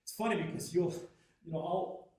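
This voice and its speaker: A Canadian man giving a lively, jokey workshop talk on music and practice, telling stories and acting out voices. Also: moderate pace. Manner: animated, jokey, acts out voices with big pitch jumps. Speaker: guest teacher at a music workshop. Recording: very echoey hall, distant mic.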